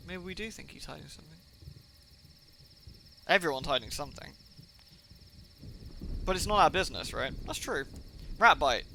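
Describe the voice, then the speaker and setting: A man's voice: a little high, expressive, normal speed, vocal fry, long pauses, pushed and bright, slight background noise, poor audio. A man streaming a video game, reading its text aloud with chatty asides and fillers.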